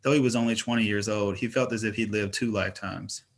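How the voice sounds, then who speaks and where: Lowish male audiobook narrator. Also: steady tone, fast. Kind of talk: audiobook reading of fantasy fiction.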